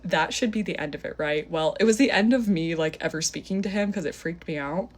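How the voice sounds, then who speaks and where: A young woman telling a dating story in a casual, animated way, full of "like" fillers. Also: fairly low pitch, a little fast.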